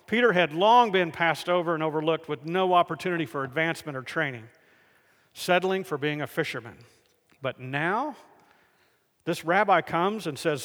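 A man preaching a sermon, telling the stories in a lively way and acting out the people in them. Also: fairly high pitch, big-room sound. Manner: animated storytelling, acts out the figures in the stories.

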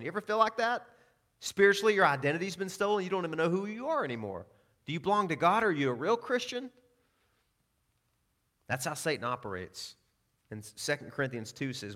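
A man preaching a sermon as pastor, telling personal stories with self-deprecating asides and dropping to a hushed tone for scripture. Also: fairly high pitch, big pitch swings, fairly quick, long pauses.

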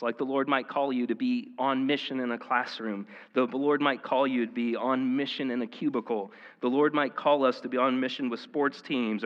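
A man's voice: medium pitch, fairly bright tone. A man preaching a conversational sermon as pastor, casual and earnest, with lots of "like" and "uh". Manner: casual, filler-heavy, earnest. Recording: reverberant hall, dull sound.

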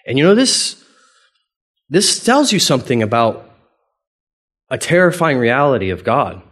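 Animated conversational male pastor. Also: unhurried, pauses often. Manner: animated, acts out quoted dialogue with big pitch jumps; conversational, playful, chuckles often. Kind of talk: sermon.

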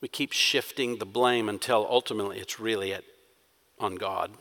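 A man's voice: fairly low pitch, steady tone, moderate pace, bright, forceful tone, big-room sound. A man preaching a sermon, acting out quoted prayers with rising intensity. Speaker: pastor.

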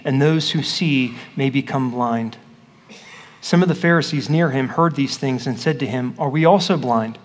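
A man, a pastor, reading scripture aloud and then teaching it line by line in a conversational way, asking his listeners questions. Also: mid-range voice. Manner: conversational, asks the congregation questions. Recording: echoey hall with long reverb.

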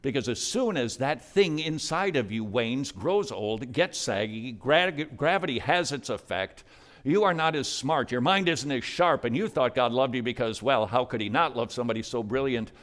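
A male pastor preaching a sermon, swinging from loud, emphatic lines to hushed, near-whispered ones. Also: medium pitch, animated, normal speed.

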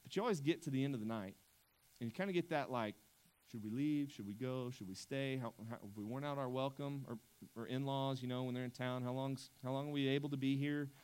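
A man's voice: mid-range voice, a little fast, darkish tone, smooth. A man preaching a sermon as pastor, conversational and emphatic, often restarting his sentences.

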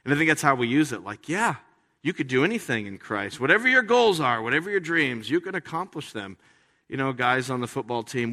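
Guy pastor giving a sermon, chatty and animated, bright voice, lots of hall reverb. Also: mid-range voice, fairly quick. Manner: conversational, animated with playful asides.

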